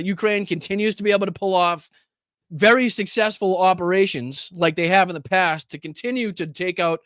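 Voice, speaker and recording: Profane ranting Boston man, high voice. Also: dry recording, clean studio sound. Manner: profane, angry, shouting rants with many filler pauses. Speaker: host. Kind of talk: ranting political commentary.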